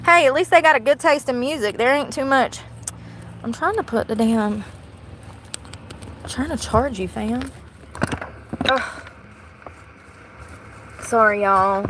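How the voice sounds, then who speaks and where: A woman's voice: fairly high pitch, slow pace, pauses often. Young woman, casual vlog chatter, phone mic, noisy outdoor background. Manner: chatty, self-deprecating, swears casually. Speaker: vlogger.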